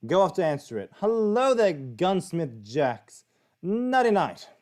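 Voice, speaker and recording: A man's voice: sits high, sing-song, a little slow, a little mellow. Chatty, foul-mouthed Australian man. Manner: chatty, profane, jokey storytelling. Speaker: livestream guest. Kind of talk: casual chat and storytelling.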